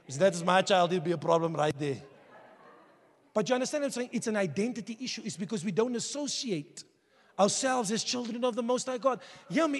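A man preaching a sermon as pastor, passionate and conversational, building to shouts. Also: very high voice. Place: church hall. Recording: long hall reverb.

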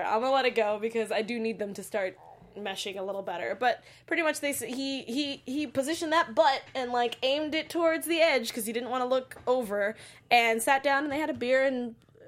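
A woman co-hosting a casual TV recap show, laughing often and acting out her own reactions. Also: on the high side. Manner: giggly, quotes herself in quick asides. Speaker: co-host.

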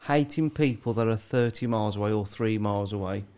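A man's voice: on the low side, brisk, darkish tone, clean tone. A man from the English Midlands co-hosting a casual podcast, stammering and exasperated, with lots of swearing. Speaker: podcast co-host. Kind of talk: casual banter.

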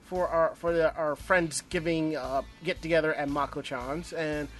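A man's voice: fairly high pitch, steady tone, moderate pace, a bit bright, faint music behind. Chatty man hosting a podcast. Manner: chatty, rambling, friendly asides. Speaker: podcast host. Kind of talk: casual chat.

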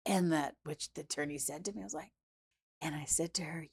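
Animated woman telling a story. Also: medium pitch, a little fast, vocal fry. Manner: animated, acts out quoted voices, swings between hushed and loud. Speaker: chef and restaurant founder, guest. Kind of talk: casual interview storytelling.

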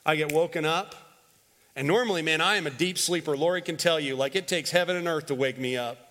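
A pastor delivers a brisk sermon from the pulpit, his high, bright voice lingering in the long reverb of a church sanctuary. He hammers points home by repeating phrases and swings between loud declarations and hushed stretches. He leads the congregation in call-and-response, having them repeat lines back.

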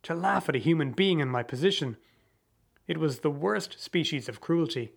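A male narrator with a slightly raised voice reads a story aloud. His delivery is measured and theatrical, with a dramatic audiobook feel. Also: a little high, expressive, gravelly, husky.

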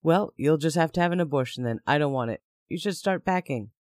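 A man's voice: fairly high pitch, expressive, fairly quick, darkish tone, dry recording, lightly acted. A man reading the lines of a volatile young man who speaks in a curt, cutting way. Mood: cold. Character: cold, volatile young man turning on his partner.

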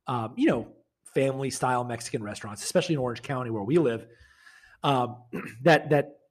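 A man co-hosting a comedic podcast, chatting in an animated way and laughing easily. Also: medium pitch, husky. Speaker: podcast co-host. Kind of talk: casual comedic chat.

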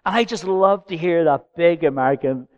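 A man, a pastor preaching a sermon in church with gentle humour and personal stories. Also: a little high, a little fast, highs cut off. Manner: anecdotal, gently humorous preaching.

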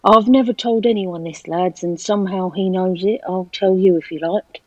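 A man, a regular on a comedy show, telling absurd stories in a deadpan way. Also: high voice, normal speed, dry recording, highs cut off. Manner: deadpan, dry. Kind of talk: deadpan comic banter.

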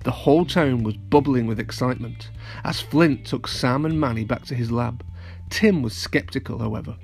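A man narrating a children's storybook in an even, plain reading voice of middle pitch. Soft music plays faintly beneath him. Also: moderate pace, vocal fry. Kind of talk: storybook read-aloud.

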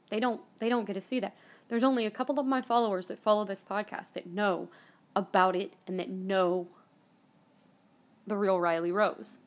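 A woman hosting her own podcast, telling a personal story with strong emotion, often repeating herself and trailing off. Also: medium pitch. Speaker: podcast host.

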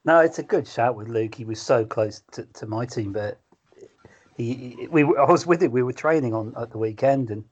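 A man's voice: medium pitch, moderate pace, darkish tone, slightly rough. Laughing man, casual chat. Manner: laughs often, chatty and agreeable.

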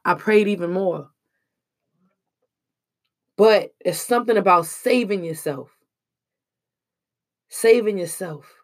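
A woman's voice: medium pitch, takes it slowly, long pauses. A young woman speaking in an earnest, emphatic monologue, casual and slangy as she shares hard-won lessons. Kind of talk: emotional personal monologue.

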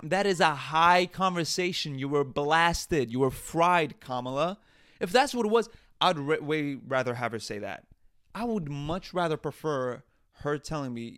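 A man's voice: on the high side, expressive, moderate pace, fairly bright tone, no echo, clean studio sound. A man hosting a podcast, delivering comedic commentary in an exasperated, profane rant. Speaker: podcast host.

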